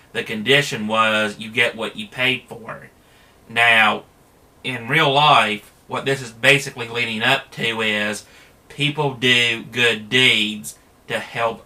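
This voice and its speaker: A man works through his point in an unhurried, meandering monologue. His voice is strikingly bright and edged, and his phrasing is plain and casual, full of "uh" and false starts. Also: mid-range voice. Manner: rambling, plain-spoken, many fillers and restarts.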